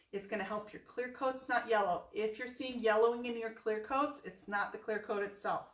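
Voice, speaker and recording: A chatty woman walks viewers through painting furniture in a relaxed, playful way, repeating each key tip. Her voice sits a little high and rings around an echoey room. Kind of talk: casual painting tutorial. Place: home workspace.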